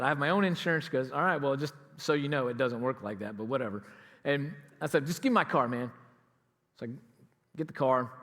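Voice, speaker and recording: A pastor tells a story from the pulpit, his voice a little higher than most men's. He acts out each side of the conversation with lively shifts. The sound carries the long reverb of a church hall. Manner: animated storyteller acting out both sides of a dialogue. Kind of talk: storytelling sermon. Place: church sanctuary.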